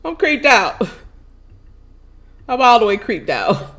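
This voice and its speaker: A woman with a high voice speaks in on her own vlog. She rants loosely and profanely to her viewers, breaking into laughter and sounding openly incredulous. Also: very animated, takes it slowly, a bit bright. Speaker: channel host. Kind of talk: casual ranting vlog.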